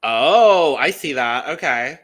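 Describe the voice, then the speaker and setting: A man's voice: medium pitch, expressive, takes it slowly, a bit bright. A man co-hosting a casual podcast, chatty and upbeat, with frequent ums. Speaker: podcast co-host.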